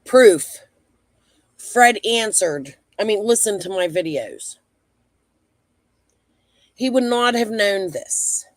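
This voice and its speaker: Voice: medium pitch, expressive, slow, long pauses, fairly bright tone, no echo. A true-crime host giving blunt commentary who explains background and scolds people directly.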